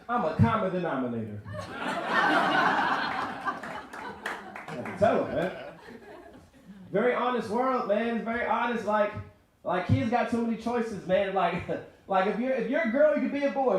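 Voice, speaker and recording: A man in his twenties performing a stand-up comedy set, talking conversationally and checking that the crowd is following along. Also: high voice. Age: 20s. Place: record store performance space. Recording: very echoey room.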